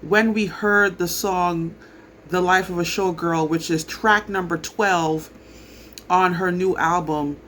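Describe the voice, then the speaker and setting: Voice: medium pitch, steady tone, slow, fairly bright tone, slight background noise. A person giving a casual spoken commentary, talking hesitantly with many filler ums and restarts. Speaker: entertainment commentator.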